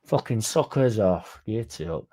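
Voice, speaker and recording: Low, mellow-voiced sweary man. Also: lively intonation, unhurried. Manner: sweary, rambling, self-mocking. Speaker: football fan channel host. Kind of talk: casual rambling chat.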